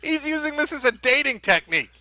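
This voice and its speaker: A man's voice: extremely high pitch, big pitch swings, fast talker, bright, forceful tone, no echo. Sarcastic, foul-mouthed male commentary host. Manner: sarcastic, profane and mocking. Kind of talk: casual commentary on social media posts.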